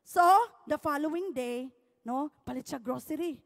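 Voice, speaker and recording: A woman's voice: sits high, moderate pace, creaky, big-room sound. A woman preaching a sermon, mixing English with Filipino and often checking in with the congregation. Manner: switching between English and Filipino languages, often asking "no?"; calls out "Praise the Lord" with rising shouts. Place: church hall.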